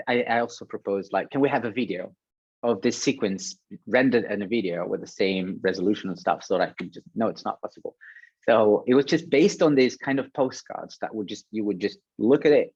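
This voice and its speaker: Husky low-voiced man on a dull call. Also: darkish tone, no echo. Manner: hesitant, many fillers and restarts. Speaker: guest sound designer. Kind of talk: casual panel discussion.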